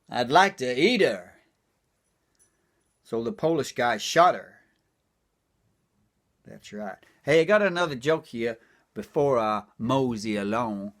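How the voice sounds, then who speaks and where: Lively folksy older stand-up comedian. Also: male voice, fairly high pitch. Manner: folksy old-timer patter, repeating punchlines. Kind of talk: stand-up one-liners.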